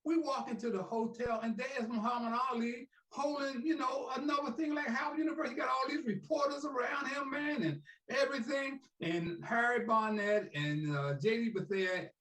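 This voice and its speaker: A man in his seventies telling a story in a folksy, animated way, often adding "man" to his sentences. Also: very high voice, moderate pace, hardly any pauses. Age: 70s. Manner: folksy, peppers speech with "man". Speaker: interviewee, veteran sports talk host. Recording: echoey room.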